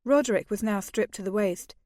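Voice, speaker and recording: A woman reading a fantasy novel aloud in the first person, with an even storytelling delivery. Her voice is mid-pitched and the recording dry and close. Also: a little fast, no room sound. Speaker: audiobook narrator. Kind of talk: first-person audiobook narration.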